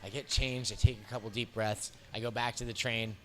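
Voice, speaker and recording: A man's voice: medium pitch, brisk. American man telling a wild story. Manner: animated, profane anecdote telling with frequent laughs. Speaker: comedian. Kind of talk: storytelling interview. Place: bar.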